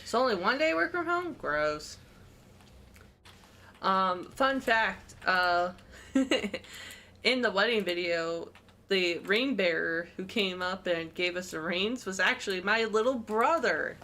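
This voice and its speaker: A woman's voice: mid-range voice, lively intonation, slow pace, sharp tone. A woman co-hosting a game stream, chatting casually and telling stories with frequent giggles. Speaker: gaming streamer co-host. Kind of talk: casual chat while playing a game.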